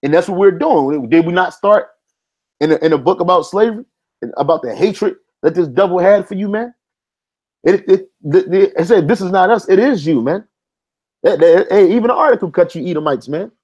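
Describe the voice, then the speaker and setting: A man's voice: high voice, animated, a little fast, a little mellow, husky, lo-fi sound. A man preaching informally, reading an article aloud and arguing back at it, with street-casual talk full of "man". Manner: stops to reread passages and argue back. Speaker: religious commentator.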